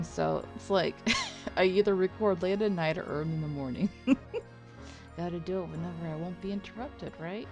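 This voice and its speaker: A woman commenting on a game she is playing at home, ranting with animated repeats and frequent laughter. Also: lowish voice, dull audio. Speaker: let's play commentator.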